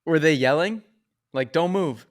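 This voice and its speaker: A man co-hosting a podcast, reacting to a story with quick quips and laughs. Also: a little high. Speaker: podcast co-host. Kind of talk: casual chat.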